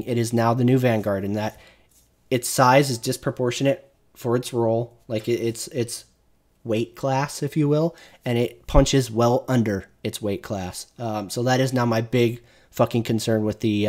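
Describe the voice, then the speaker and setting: A man's voice: medium pitch, moderate pace, a little mellow. Profane, ranting male streamer. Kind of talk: casual gaming commentary.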